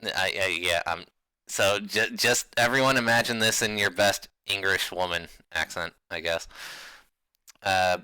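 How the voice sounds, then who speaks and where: A man running a tabletop game, chatty and quick to laugh. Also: deep voice, clear, resonant tone, no echo. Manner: laughs often, relaxed and chatty. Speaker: game master.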